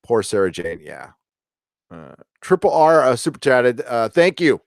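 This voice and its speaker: A man's voice: medium pitch, sing-song, measured pace, gravelly, no echo. Middle-aged man, casual livestream host, rambling with lots of uhs, dry close mic. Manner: rambling, many fillers and restarts. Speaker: livestream host reading chat. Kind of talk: casual live chat.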